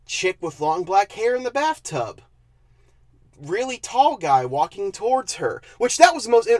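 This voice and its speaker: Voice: mid-range voice, dry recording. A movie reviewer ranting in a sarcastic, exasperated way, stumbling over words when worked up.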